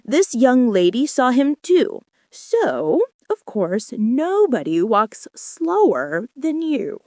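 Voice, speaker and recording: A woman's voice: a little high, very animated, slow pace, darkish tone, dry recording, clean studio sound, heavily acted. A woman voicing a fretful, fussy old king in a storybook reading. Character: fussy, faint-hearted old male king. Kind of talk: storybook character voice.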